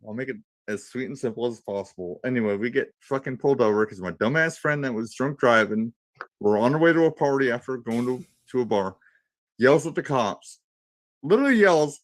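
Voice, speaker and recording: A man in his thirties rambles through a story on a radio panel, swearing constantly and jumping from one detail to the next. His voice sits at a middle pitch and sounds dry and close. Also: fairly quick, no room sound. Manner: profane, rambling, animated storyteller. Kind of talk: casual crude banter and storytelling.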